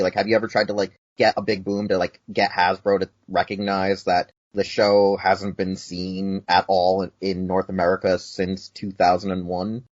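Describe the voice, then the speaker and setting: A man's voice: low-pitched, no echo. A man asking interview questions casually, with lots of fillers. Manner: casual, filler-heavy phrasing. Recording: dull dry lo-fi audio.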